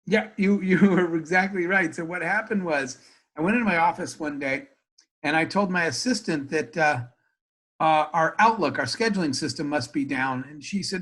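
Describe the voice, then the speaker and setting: Animated high-voiced American businessman. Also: normal speed. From United States. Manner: animated storyteller acting out dialogue. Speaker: interview guest, entrepreneur. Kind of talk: storytelling in a casual interview.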